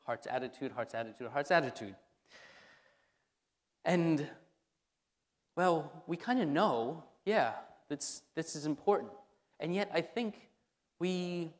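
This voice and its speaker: A male pastor delivers a sermon in a relaxed, conversational way, circling back to repeat his key phrases. His voice sits a bit higher than most men's. The sound carries a long reverb from the church around him. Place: church sanctuary.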